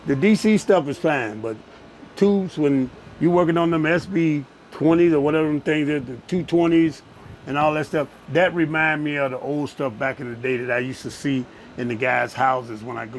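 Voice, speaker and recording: Host, male, slightly high voice, loose colloquial shop talk, jokes with callers, faint ambience behind. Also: slight background noise. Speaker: show host. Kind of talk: casual shop chat on radio amplifiers.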